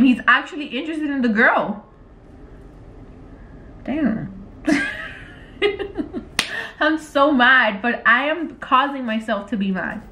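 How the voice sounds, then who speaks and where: A pregnant woman vlogging in casual chat, exasperated and expressive, with lots of fillers and swearing. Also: sits high, takes it slowly, pauses often, roomy sound, a little hiss or hum. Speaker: vlogger, prank channel co-host. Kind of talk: casual vlog chat while texting.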